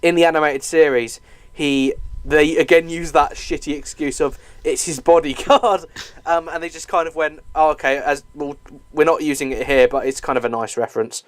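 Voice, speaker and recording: A man's voice: a little high, fairly even intonation, moderate pace, no echo. A young man giving a casual movie commentary, chatty and swearing, with lots of fillers and laughs.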